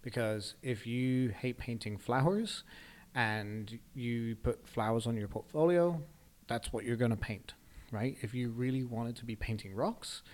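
A man's voice: medium pitch, measured pace, a little mellow. Chatty upbeat man telling stories. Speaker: guest photographer. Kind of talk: casual podcast conversation.

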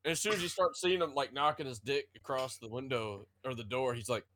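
A man's voice: medium pitch, fairly quick, a bit bright, a little hiss or hum. A man in casual chat, tossing in playful jokes. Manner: playful, jokey interjections.

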